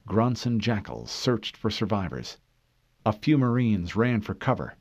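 A man reading scripted audiobook narration in a measured, dramatic storytelling manner. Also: fairly low pitch, very animated, a little mellow, no room sound, muffled recording.

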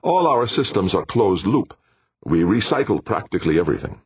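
A man's voice: low voice, big pitch swings, a little fast, slightly rough, dry recording, muffled recording, pitched above the performer's own voice, heavily acted. A man voicing a proud, hearty male roboticist who speaks eagerly and emphatically.

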